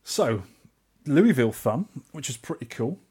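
A man with a London accent, co-hosting a podcast and telling a trip story in casual chat, animated and acting out the people he met. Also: medium pitch, a little slow, slightly rough. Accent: English, London. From England. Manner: animated, acts out quoted voices. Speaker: podcast co-host.

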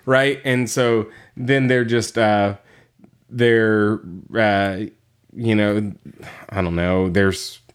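A man's voice: fairly low pitch, steady tone, extremely slow, smooth. A man co-hosting a podcast, recapping a story in casual chat, rambling with many fillers, laughing and acting out quotes. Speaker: podcast co-host.

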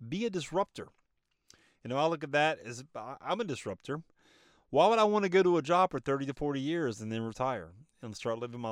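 A man's voice: medium pitch, no echo, clean studio sound. A man hosting a motivational podcast, recorded on a phone in his car, speaking in an emphatic, preachy way with a slightly choked-up throat. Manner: preachy, emphatic, asks himself rhetorical questions. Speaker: podcast host. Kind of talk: motivational monologue.

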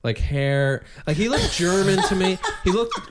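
A man's voice: sits high, big pitch swings, measured pace, loud music behind the voice. A man co-hosting a podcast, chatting casually and telling self-deprecating stories. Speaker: podcast co-host. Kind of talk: casual chat.

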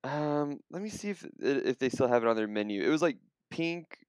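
A woman's voice: very deep voice, expressive, fairly quick, darkish tone, clean tone, dry recording, studio quality. A woman co-hosting a podcast in casual chat, laid-back and wry. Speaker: podcast co-host.

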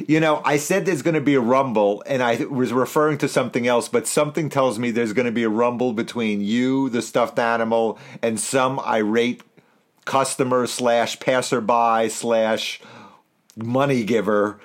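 A man's voice: mid-range voice, steady tone, moderate pace. Teasing man hosting a local show. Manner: teasing, dry ribbing. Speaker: podcast host. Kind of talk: casual chat.

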